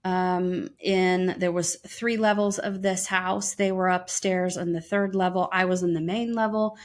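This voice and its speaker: A woman's voice: fairly low pitch, measured pace. Woman co-host telling a story. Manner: lively retelling with frequent ums. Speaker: podcast co-host. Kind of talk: casual storytelling.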